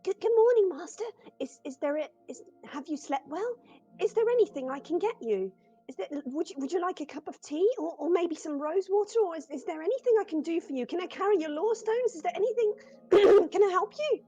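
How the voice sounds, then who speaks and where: A woman puts on a very high-pitched young apprentice girl for a tabletop game. She stammers, repeats herself and piles up eager offers of help. The voice comes through a dull, muffled microphone. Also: expressive, a little fast, warm tone. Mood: eager, flustered. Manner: stammering, tumbling rush of offers.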